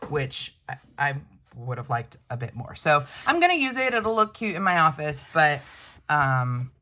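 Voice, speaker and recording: A woman with a notably low voice chats through an unboxing. She muses aloud, asks herself quick questions and answers them, in an easygoing vlog manner. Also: noisy background. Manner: chatty, thinks aloud, self-questioning asides. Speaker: planner unboxing vlogger. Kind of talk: casual unboxing chat to camera.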